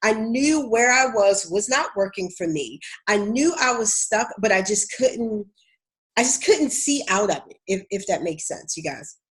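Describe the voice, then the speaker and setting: A woman's voice: mid-range voice, animated, normal speed. Chatty Baltimore woman career coach. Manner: candid, chatty, addresses viewers as y'all. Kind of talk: live-streamed casual talk to viewers.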